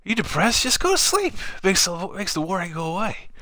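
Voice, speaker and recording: A bumbling, awkward TV health doctor with a strained, much higher voice than the performer's own, as a man puts him on. He hands out odd advice in a halting, stop-start delivery, with a bright, sharp tone. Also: sing-song, slight background noise, heavily acted. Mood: goofy.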